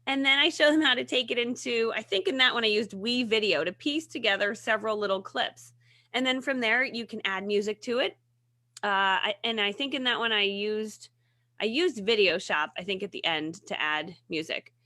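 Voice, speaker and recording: A woman in her thirties, a guest on a morning talk show, chatting casually and telling animated stories, laughing often. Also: on the high side, normal speed, no echo, clean studio sound. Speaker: guest, video marketing coach. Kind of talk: casual chat.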